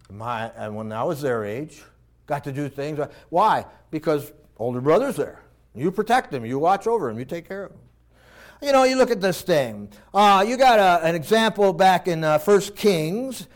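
A man preaching a sermon, telling stories in a folksy way and moving between quiet reflection and loud, animated points. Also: fairly high pitch. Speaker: pastor.

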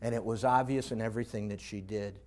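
A man preaching a sermon, telling stories in a folksy way and moving between quiet reflection and loud, animated points. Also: on the low side, fast. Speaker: pastor.

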